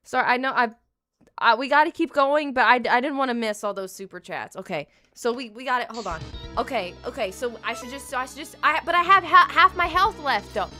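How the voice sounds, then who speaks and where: A woman streaming a video game live, swinging between shrieks and hushed, repetitive disbelief as she talks to her chat. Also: high voice, a little fast, no echo, soft background music. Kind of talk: live gameplay commentary.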